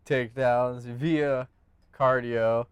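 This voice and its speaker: Man, podcast co-host, casual cursing fight talk, smooth clear voice. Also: medium pitch, drawn-out words, no room sound. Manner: profane, animated, breaks into joking bits. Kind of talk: casual sports chat.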